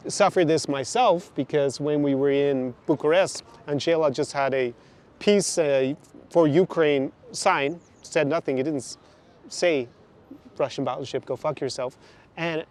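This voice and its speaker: A man giving critical, sarcastic reaction commentary on a clip, outdoors in a city. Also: on the high side. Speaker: YouTuber reacting to a video.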